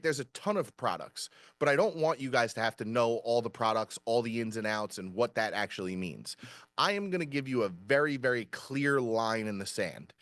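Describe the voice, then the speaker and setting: A man's voice: mid-range voice, a bit bright, dry recording. A man giving an upbeat webinar presentation as a company vice president, often tagging sentences with "right?". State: out of breath.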